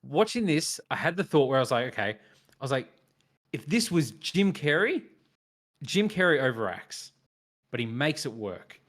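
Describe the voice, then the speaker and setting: Man, podcast co-host, casual and animated storyteller. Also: mid-range voice, moderate pace. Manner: animated storytelling, acting out his own reactions. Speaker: podcast co-host reviewing films. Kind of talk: casual chat.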